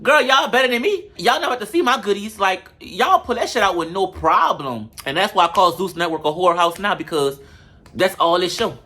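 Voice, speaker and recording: A sassy show-review vlogger with a bright, forceful tone, cursing freely through a comedic recap and talking right to the viewers. The delivery jumps between quick asides and slow, drawn-out emphasis. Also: medium pitch, lively intonation. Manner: sassy, profane, talks straight to viewers.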